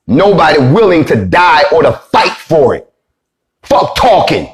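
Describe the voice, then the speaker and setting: A man delivering a fiery, profane monologue, swinging between loud outbursts and low, grave preaching. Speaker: movement leader giving a speech.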